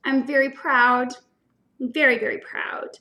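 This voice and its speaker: Bubbly high-voiced woman hosting a stream. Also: little pitch movement, measured pace, sharp tone. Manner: bubbly and enthusiastic. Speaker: host. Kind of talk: casual livestream eating show chat.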